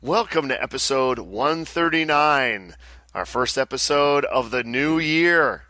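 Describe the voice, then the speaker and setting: Man, podcast host, bright tone, dry close mic, teasing banter. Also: mid-range voice, expressive, unhurried, no room sound. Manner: joking and teasing.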